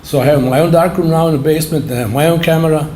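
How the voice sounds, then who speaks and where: A man in his seventies giving an award acceptance speech, telling his story in plain, halting words with simple phrasing. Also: fairly high pitch, a little mellow, slight background noise. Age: 70s. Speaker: award honoree. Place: awards banquet hall. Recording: roomy hall echo.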